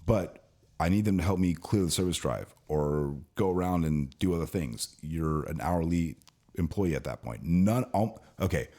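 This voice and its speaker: A man's voice: sits low, darkish tone. A man co-hosting a casual podcast, telling a long, venting story about his work at a car dealership, with frequent restarts. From California, US. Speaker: podcast co-host, service department worker at a car dealership.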